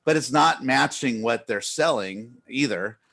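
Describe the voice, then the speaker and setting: A man's voice: mid-range voice, a little slow, vocal fry, fairly bright tone. A man ranting in a casual group chat, swearing and telling a story with exasperation. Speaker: podcast co-host.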